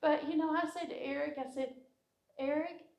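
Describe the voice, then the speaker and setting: Woman, church testimony, storytelling, voices the people in her story, slightly high voice. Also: steady tone, fast, gravelly. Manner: heartfelt storytelling, acting out what people said. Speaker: church member sharing a testimony. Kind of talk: personal testimony to a congregation.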